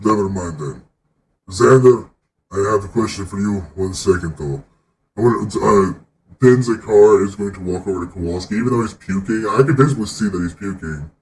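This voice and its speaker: A man's voice: fairly low pitch, moderate pace, darkish tone, far from the mic, slight background noise. A man playing his character in an online tabletop game, talking animatedly and playfully. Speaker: player. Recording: roomy mic set back from the speaker.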